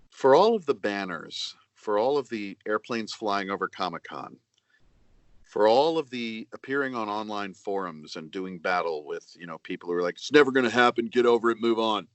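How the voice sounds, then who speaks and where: Low-voiced earnest actor, dry sound. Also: male voice, dry recording. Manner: earnest, measured, with many pauses and fillers. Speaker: actor and audiobook narrator, interview guest. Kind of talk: reflective interview answers.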